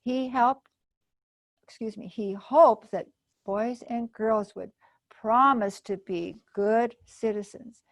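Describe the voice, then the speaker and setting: A woman voicing a patient female schoolteacher, reading clearly and with measured care. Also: on the high side, steady tone, dry recording. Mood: encouraging.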